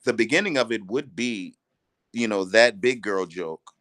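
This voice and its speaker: A man, a stand-up comedian, chatting as a guest with animated, profane storytelling and frequent restarts. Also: on the low side, normal speed, no room sound. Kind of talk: casual interview chat.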